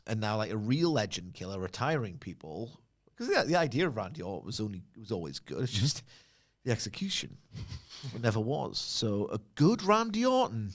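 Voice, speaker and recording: A man co-hosting a casual podcast, trading playful jokes and banter. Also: mid-range voice. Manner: jokey, playful banter, quick to laugh. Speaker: podcast co-host. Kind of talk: casual live podcast chat.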